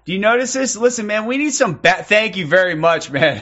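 A man streaming and reacting to clips, sarcastic and profane, working himself into excited outbursts. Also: high-pitched, brisk, muffled recording. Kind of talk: mocking commentary.

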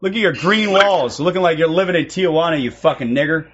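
Loud, abrasive young man trolling on stream. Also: a little high, brisk, dull audio, slight background noise. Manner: loud, abrasive, taunting, often shouting. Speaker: streamer taunting players in online voice chat. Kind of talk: aggressive trolling over game voice chat.

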